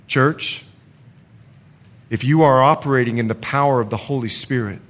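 A male pastor preaching a sermon, swinging from loud urgency to hushed confession. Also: mid-range voice, normal speed.

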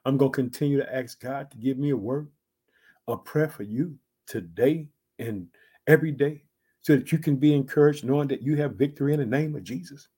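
A man preaching an online sermon with emphatic asides, swinging between loud and soft, drawing out key phrases slowly. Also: mid-range voice, slightly rough. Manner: emphatic, repeats "guess what" and "check it out".

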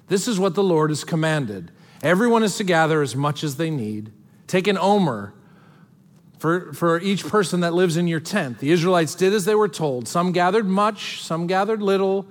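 A man's voice: sits high, lively intonation, normal speed, big-room sound. A man preaching as a pastor, moving between reading scripture aloud and casual, joking asides to the congregation. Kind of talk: sermon.

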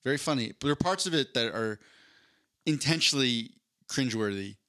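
A man's voice: medium pitch, animated, fairly quick, pushed and bright, no room sound, clean studio sound. A young man co-hosting a podcast, chatting casually in a rambling, joking way with many stumbles and restarts. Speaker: podcast co-host. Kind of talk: casual comedic chat.

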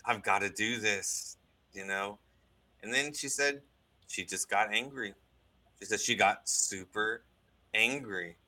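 A man telling a story in casual conversation, animated, with many restarts and asides. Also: on the low side. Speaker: guest recounting a deliverance.

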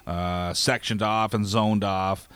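A man hosting a casual podcast, talking in an easygoing way with many pauses. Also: on the low side, fairly even intonation, fairly bright tone, smooth, dry recording. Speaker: podcast host.

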